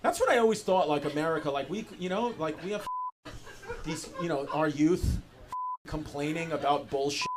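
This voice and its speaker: Young guy comic riffing with the crowd, kinda high voice, cusses a lot, noisy club mic. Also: moderate pace. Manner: loose, profane, laughing riffs. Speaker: stand-up comedian. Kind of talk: stand-up crowd work. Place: comedy club stage. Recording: noisy live club recording.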